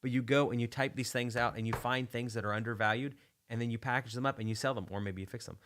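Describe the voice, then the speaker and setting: A man's voice: mid-range voice, steady tone, fast, a bit bright, slight background noise. A man hosting a casual livestream, talking in a rambling, enthusiastic way with many restarts. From United States. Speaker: channel host.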